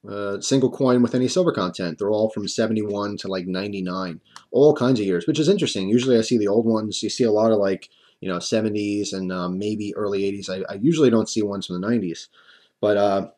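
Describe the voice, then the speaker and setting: A man's voice: fairly low pitch, a little mellow. Chatty, rambling man telling a story. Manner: rambling, chatty, many fillers and restarts; wry self-mocking humor. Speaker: coin-collecting vlogger. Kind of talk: casual storytime monologue.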